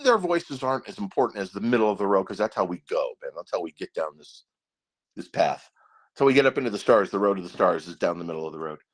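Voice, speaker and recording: A man hosting his own channel, ranting in a casual political monologue, profane and rambling, restarting his words and swinging between muttered asides and excited outbursts. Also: fairly low pitch, fast talker. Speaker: channel host.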